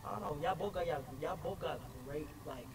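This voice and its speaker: A man's voice: a little high, a little fast, creaky. A man hosting a casual livestream outdoors by a campfire, rambling and hesitant, often talking to his chat. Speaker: streamer host. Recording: distant mic with loud outdoor noise.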